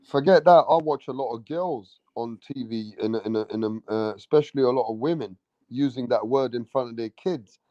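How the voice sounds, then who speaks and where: A man's voice: medium pitch, brisk, dark tone, no room sound. Man, dry and dull-sounding interviewer. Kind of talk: casual interview talk.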